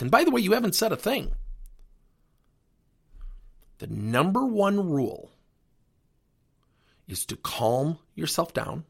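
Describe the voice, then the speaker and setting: Middle-aged man, podcast host and coach, husky, gravelly voice, very lively pitch. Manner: animated, earnest coaching delivery. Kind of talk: solo podcast talk.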